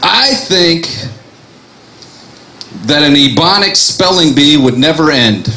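A man's voice: a little high, animated, slow pace, bright, forceful tone. Man doing edgy stand-up in a roomy club. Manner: edgy, crowd-baiting jokes. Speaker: stand-up comedian. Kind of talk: stand-up comedy set. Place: comedy club stage. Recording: roomy live club recording.

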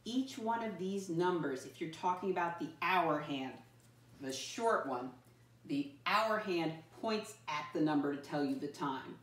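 Encouraging teacher spelling words out slowly. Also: female voice, fairly low pitch, lively intonation. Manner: encouraging, slow and clear, spells words letter by letter. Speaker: first grade teacher. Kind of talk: classroom lesson to young children. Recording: roomy sound from a distant mic.

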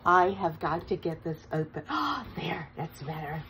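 A woman, vlogging an unboxing with gushing, breathless excitement and frequent gasps. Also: low voice, measured pace, a little hiss or hum, poor audio. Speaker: crafting vlogger. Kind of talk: unboxing vlog chat.

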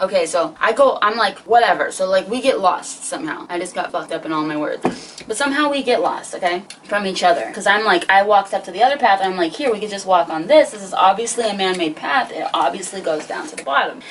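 Woman vlogger, casual storytime, cursing freely, slightly distant mic with faint hiss. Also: medium pitch. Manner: profane, rambling, animated storytelling.

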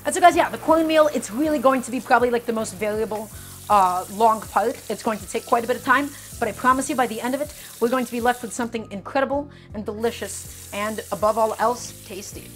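A woman's voice: fairly high pitch, quick pace. A woman from Brooklyn, hosting a live cooking stream from her home kitchen and chatting with viewers as she works. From Brooklyn, New York. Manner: chatty, talks to chat as "guys" while cooking.

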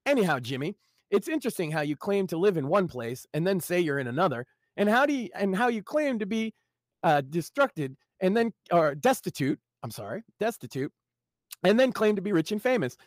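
A man's voice: high voice, very animated, brisk, no room sound, clean studio sound. A man voicing a smug, sarcastic online commentator who mocks his target.

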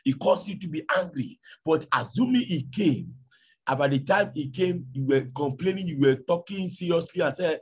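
A man's voice: on the high side, moderate pace, slightly rough. A man with a Nigerian accent preaching a sermon, telling stories and acting out conversations. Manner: storytelling, animated, acts out dialogue. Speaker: pastor.

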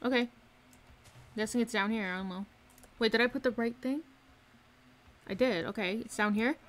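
A woman streaming a game live from her room, excitedly commenting and repeating herself with hyped exclamations. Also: fairly high pitch, normal speed. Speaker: gaming streamer.

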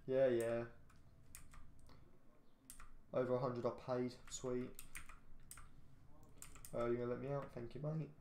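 A man's voice: mid-range voice, little pitch movement, warm tone. A teenage boy rambling through casual gameplay commentary, repeating himself and grumbling at other drivers. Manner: rambling, repeats himself, quick outbursts at traffic. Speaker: gaming channel host. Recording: roomy echo, faint background noise.

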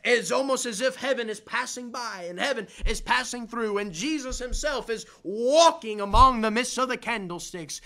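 A man's voice: very high-pitched, expressive, moderate pace, few pauses, bright, forceful tone. A young man preaching a fervent sermon, building emphasis through repeated phrases. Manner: fervent, repetitive preaching cadence with rising emphasis.

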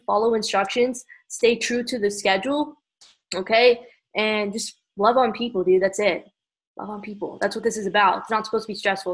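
A woman leading an online group call with a motivational pep talk, energetic and at times tearful, often calling everyone guys. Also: mid-range voice. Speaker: team leader on a group call.

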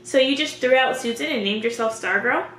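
A woman's voice: sits high, fairly quick, a bit bright, roomy sound, a little hiss or hum. A woman reading the lines of a curious teenage girl asking probing questions.

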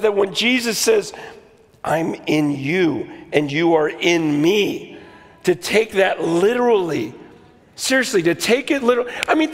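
A man in his fifties preaching a sermon, telling stories with animated restarts and quoted asides. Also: high-pitched, long reverb tail. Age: 50s. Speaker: pastor.

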